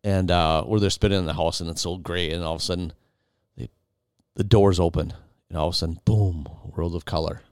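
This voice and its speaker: A man's voice: sits low, steady tone, a little fast, darkish tone, clear, resonant tone, dry recording, clean studio sound. A man hosting, animatedly retelling a dramatic story to his wife with many restarts. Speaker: podcast host.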